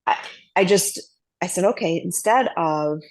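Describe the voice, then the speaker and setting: A woman's voice: fairly low pitch, measured pace, a little mellow. A woman in an online group class telling a personal story at length, rambling, with many fillers and asides. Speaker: class participant.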